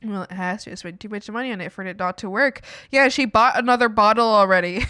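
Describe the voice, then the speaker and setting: A woman's voice: medium pitch, brisk, sharp tone, dry recording, studio quality. A young woman from Canada chatting casually on a stream, rambling and swearing with many fillers. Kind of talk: casual chat.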